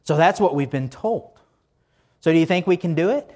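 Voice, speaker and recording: Speaking at a moderate pace with an expressive, slightly high voice and a darkish tone, a pastor preaches in church to his congregation. He jokes, keeps things conversational and poses many rhetorical questions.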